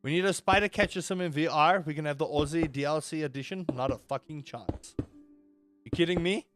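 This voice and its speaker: A man's voice: a little high, moderate pace, a bit bright, soft background music. A young man on a casual gaming livestream. He rambles, swears, answers chat and reacts to the game.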